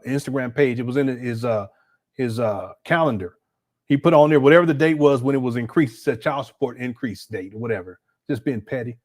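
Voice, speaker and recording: A man's voice: mid-range voice, darkish tone. A middle-aged man hosting a livestream, commenting casually in colloquial speech, often incredulous and stammering through repeats. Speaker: livestream host.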